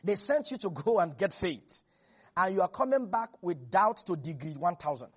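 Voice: medium pitch, animated, normal speed, breathy edge, highs cut off. A preacher delivering a sermon in an emphatic style, repeating phrases and chuckling between points.

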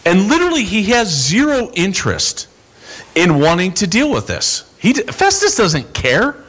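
A man preaching a sermon as a pastor, casual and animated, acting out the people in his stories. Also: high-pitched, moderate pace. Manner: animated, acts out quoted voices, bursts into shouts.

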